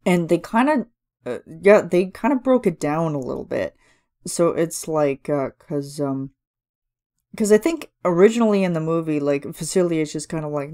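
Chatty low-voiced woman gushing as host. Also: a little slow, darkish tone. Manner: chatty, gushing, filler-heavy, sings snippets of lyrics. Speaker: podcast host reviewing a cover song. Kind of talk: casual solo commentary. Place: home room.

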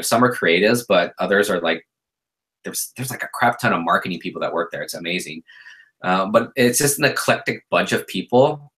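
A man in his thirties, a guest artist on a podcast, telling stories in a relaxed, chatty way with plenty of fillers. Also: lowish voice, poor audio. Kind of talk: casual podcast chat.

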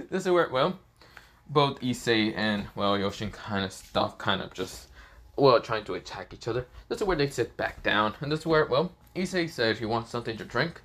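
A man's voice: fairly low pitch, fairly bright tone, slight background noise. A young man narrating an improvised fan story, rambling with many fillers and swearing.

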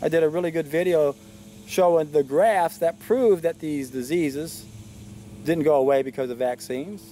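A man's voice: fairly high pitch, normal speed, mellow, a little hiss or hum. A man giving an indignant, emphatic monologue to camera and repeating his key phrases. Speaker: video commentator.

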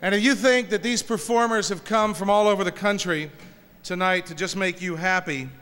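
Speaking at a peace concert, a man gives an inspirational speech to an audience in a large hall, joking and telling folksy, humorous stories. His high voice has a fairly bright tone at normal speed. The hall recording is reverberant, with a little hiss or hum.

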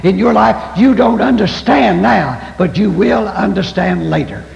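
A man's voice: high-pitched, a little slow, creaky, a little mellow. An older man preaching a folksy, storytelling sermon as pastor. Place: church sanctuary. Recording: echoey church hall, dull lo-fi 1990s tape.

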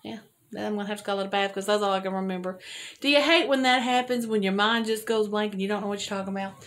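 An older woman talks straight to her viewers in a loose, homey storytelling way. She rambles, loses her thread and laughs at her own jokes. Her voice sits at an ordinary middle pitch. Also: fast talker, fairly bright tone. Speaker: homesteading vlogger.

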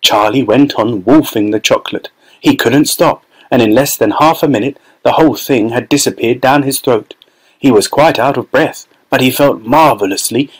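A man reads a children's novel aloud as an audiobook, in a voice of middle pitch. His delivery is steady and expressive. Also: poor audio. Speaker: audiobook narrator. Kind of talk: scripted narration.

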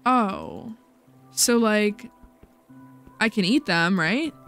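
A woman's voice: medium pitch, animated, very slow, vocal fry, fairly bright tone, faint music behind. A woman hosting a casual let's-play video, chatting playfully to herself as she plays. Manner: playful, chatty, talks to herself while playing. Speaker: gaming video host.

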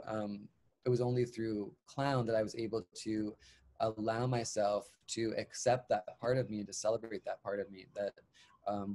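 A man's voice: fairly low pitch, darkish tone. A man from Canada, a drag clown performer, telling his own story in an interview in an earnest, reflective way with emphatic repeated phrasing. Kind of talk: candid personal storytelling.

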